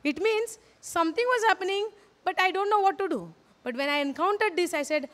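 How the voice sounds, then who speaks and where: High-voiced woman preaching in a hall. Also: fairly quick. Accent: Indian English. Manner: earnest, repeats phrases, asks the audience questions. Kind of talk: sermon. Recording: hall reverb.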